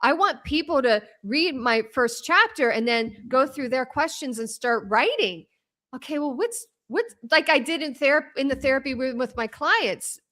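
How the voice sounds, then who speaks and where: Woman guest, trauma coach, animated and rambling, fairly high, bright voice. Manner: animated, fast and rambling with many restarts. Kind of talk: casual interview talk.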